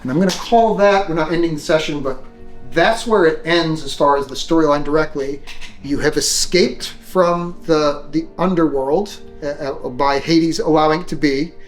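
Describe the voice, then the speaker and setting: A man runs a fantasy tabletop session, talking through the scene in a relaxed, offhand way full of fillers. His voice sits fairly high for a man. Quiet music plays faintly in the background. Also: normal speed, low-quality recording. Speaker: game master. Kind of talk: narrating a tabletop game.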